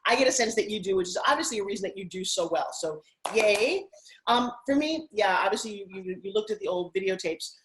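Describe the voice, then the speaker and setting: A woman's voice: mid-range voice, a little fast, background noise. Upbeat woman from Long Island. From Long Island, New York. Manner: energetic, effusive storyteller. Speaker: guest, TV host and fitness spokesperson. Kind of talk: interview conversation.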